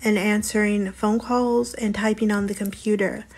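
A woman's voice: mid-range voice, flat delivery, moderate pace, a little mellow, rough recording. A young woman casually chatting on a live stream and answering viewers' questions.

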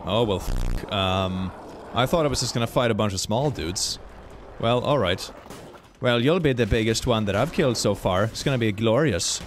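A young man commenting playfully as he plays a game, goofy and quick with silly noises. His pitch swings widely from line to line, and faint ambient noise sits behind him. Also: big pitch swings. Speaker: gaming YouTuber. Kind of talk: let's play commentary.

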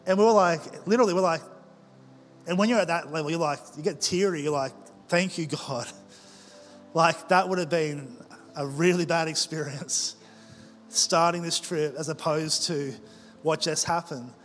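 A man preaching a sermon as pastor, telling stories in a conversational way with quick asides. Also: on the high side. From Australia. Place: large church auditorium. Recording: long church hall reverb with faint music.

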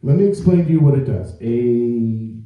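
A man's voice: mid-range voice, expressive, moderate pace, narrow, tinny audio. A man doing a stand-up comedy set, telling a story with acted-out quotes and asking the crowd questions from a club stage. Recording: roomy and far from the mic.

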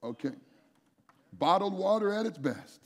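A man preaching an energetic sermon at a men's conference, calling on the crowd to answer back and raise their hands. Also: high voice, a little slow. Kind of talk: energetic sermon with call-and-response. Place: large church hall with an audience. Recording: echoey hall, long reverb.

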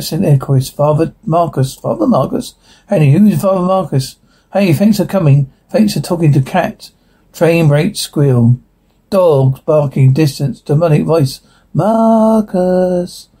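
A man reading a drama script aloud, voicing every part and reading out the sound cues in a plain, flat way. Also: fairly high pitch, husky. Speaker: reader of a drama transcript.

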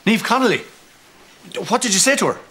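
An actor playing a flustered middle-aged Irish priest who hosts a contest, awkward and chuckling nervously. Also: male voice, sits high, big pitch swings, brisk, pushed and bright, heavily acted. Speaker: contest host. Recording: noisy TV sitcom audio.

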